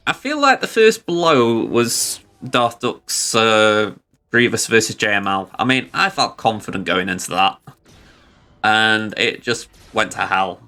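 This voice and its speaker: A man with a fairly low, sharp-toned voice streams a video game, casually chatting about his moves. He rambles, chuckles, and pokes fun at himself along the way.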